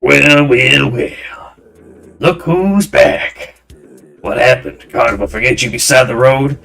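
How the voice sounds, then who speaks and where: This man, speaking in a mid-range voice at a slow pace, plays a rude, hostile southern local who taunts and blocks the way like a gatekeeper. His delivery is heavily acted, with vocal fry and a bright, pushed-up voice, and the mood is aggressive and taunting.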